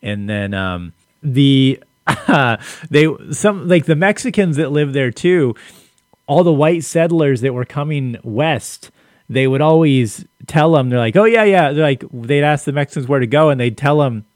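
A man's voice: mid-range voice, animated, measured pace, a little mellow, dry recording, studio quality. A man hosting a podcast in casual chat, laid-back, laughing often and leaning on "like" fillers. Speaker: podcast host.

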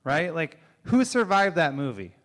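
A man's voice: a little high, big pitch swings, a little slow, fairly bright tone. A male comic on a comedy club stage, firing back a sarcastic, mocking rebuttal. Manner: sarcastic, mocking, keeps asking "right?". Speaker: stand-up comic in a debate show.

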